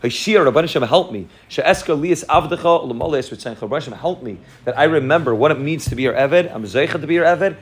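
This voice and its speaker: Rapid-fire man giving a Torah class. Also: a little high, expressive. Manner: rapid, repetitive, mixes Hebrew and Yiddish terms into English. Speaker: rabbi teaching a class. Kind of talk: fast Torah lecture.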